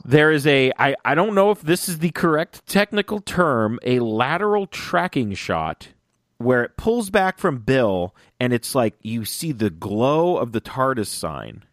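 A man in a casual fan chat, talking excitedly and rambling, often acting out lines in little voices. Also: mid-range voice, measured pace, dry recording, studio quality. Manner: excited, rambling, acts out quotes.

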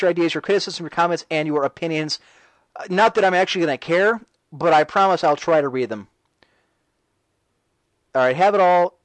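A man's voice: a little high, no room sound, rough recording. A man hosting a casual talk radio show, reading and answering chat messages in a sarcastic, ranting way.

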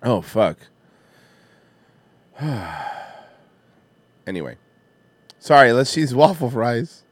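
A man's voice: medium pitch, sing-song, slow pace. A man hosting a podcast in loose, laughing, profane banter. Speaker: podcast host. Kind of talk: casual chat.

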